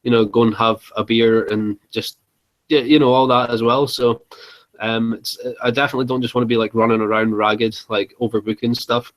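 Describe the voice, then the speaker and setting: A man's voice: medium pitch, level tone, a little fast, low-quality recording. Young man, live-chat co-host, chatty and giggly, filler-heavy. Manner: chatty, laughs often, lots of fillers. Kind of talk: casual chat.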